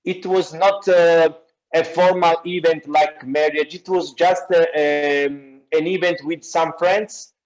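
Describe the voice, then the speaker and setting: Halting Italian-accented man, slightly high. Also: steady tone, low-quality recording. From Naples, southern Italy. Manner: halting, with many filler sounds. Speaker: guest speaker. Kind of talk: explaining pictures in an online class.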